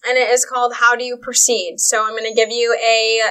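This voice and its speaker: A woman's voice: fairly high pitch, level tone, fairly quick, bright, forceful tone, smooth, poor audio. A young woman who works as a podcast intern, presenting questions in a cheerful, giggly way. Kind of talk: casual chat.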